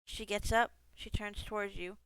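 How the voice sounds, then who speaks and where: A woman's voice: medium pitch, fairly even intonation, normal speed, background noise. A woman gaming streamer reading a text game aloud, breaking off into casual asides, swearing freely and laughing at herself.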